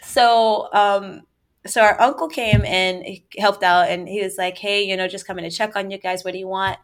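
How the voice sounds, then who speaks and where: Chatty young woman telling a story. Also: mid-range voice. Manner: chatty and animated, quick asides and laughs. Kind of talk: casual story time.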